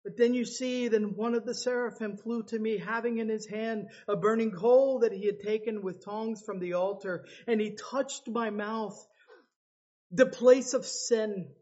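Man, preacher, sermon, high voice, unhurried, impassioned, loud pleading to hushed, slightly muffled recording. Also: fairly even intonation. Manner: impassioned, swings from loud pleading cries to low hushed tones. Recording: slightly dull lo-fi sound.

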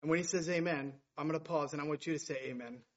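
A man's voice: on the high side, quick pace. Preaching man, dull lo-fi sound. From United States. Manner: preaching, building to urgent shouted emphasis. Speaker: pastor. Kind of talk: sermon.

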